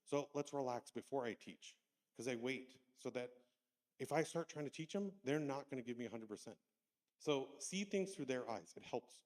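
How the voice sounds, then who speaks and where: A man's voice: mid-range voice, animated, normal speed. A man giving a casual, anecdotal training talk to church volunteers, telling stories from his classroom. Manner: conversational, anecdotal, acts out kids' voices. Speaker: Sunday school teacher trainer. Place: church hall. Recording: long reverb of a church hall.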